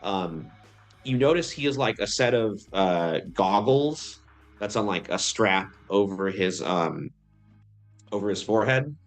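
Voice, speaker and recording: A man's voice: lowish voice, lively intonation, a little slow, soft background music. A man narrating a tabletop game as game master, rambling with many fillers.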